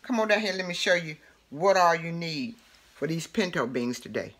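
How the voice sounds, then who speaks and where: A woman's voice: fairly low pitch, animated, fairly bright tone, slight background noise. A woman from Alabama with a Southern accent, hosting a homey, chatty cooking demonstration. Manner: homey, chatty, drawn-out words. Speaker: cooking show host.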